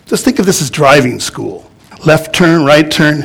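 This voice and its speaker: A man pastor delivering a sermon, animated and storytelling, chuckling as he goes. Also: fairly high pitch, unhurried, creaky, husky. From United States. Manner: animated storytelling with laughs and acted-out quotes.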